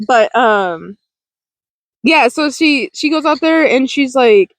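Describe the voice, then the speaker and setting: A woman's voice: sits high, expressive, slow pace, no room sound, poor audio. A woman in her twenties talking casually about a film, rambling with lots of fillers and restarts and frequent laughs, into a close mic. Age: 20s. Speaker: vlogger. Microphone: close desk mic.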